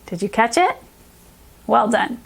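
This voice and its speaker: A woman's voice: fairly high pitch, big pitch swings, vocal fry, slightly rough. Encouraging woman teaching phonics to kids. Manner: upbeat, encouraging, slow careful sound modeling. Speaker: reading specialist teacher. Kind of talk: children's phonics lesson.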